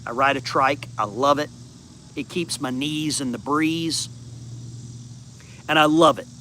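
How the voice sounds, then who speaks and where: A man's voice: a little high, a little slow, sharp tone, a little hiss or hum. A man in his fifties from the United States, hosting a casual backyard chat and rambling through answers to viewer comments. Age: 50s. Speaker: channel host. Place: outdoors in a backyard.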